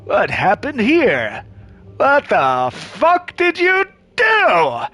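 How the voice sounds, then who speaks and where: A menacing, violent thug who snarls his threats, as a man plays him. The voice is pitched up and loud, with words stretched out in slow, swinging lines. Video game villain, read for laughs. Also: sing-song, husky, full character voice.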